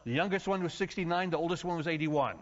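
A man preaching a sermon, telling stories in a folksy, animated way. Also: fast talker, a little hiss or hum. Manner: storytelling, folksy and animated, acts out shouting congregants. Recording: muffled low-fidelity sound.

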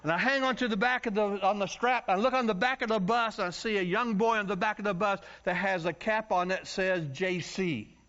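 A man from the United States preaching a story-filled sermon, acting out voices and yelling for comic effect. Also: high-pitched, brisk, hardly any pauses. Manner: animated, acts out voices and yells for comic effect. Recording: dull lo-fi sound.

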